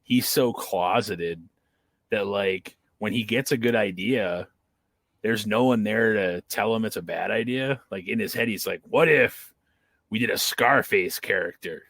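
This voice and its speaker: A man's voice: fairly low pitch, measured pace, no echo. A man co-hosting a casual wrestling podcast, leaning on "like" and sounding exasperated. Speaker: podcast co-host.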